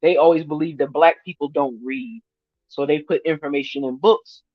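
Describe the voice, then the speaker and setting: A woman in her fifties chatting casually to her viewers on a livestream, animated and laughing often as she reads their comments. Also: low-pitched, normal speed, no room sound. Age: 50s. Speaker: vlogger reading viewer comments. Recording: dry, slightly muffled lo-fi sound.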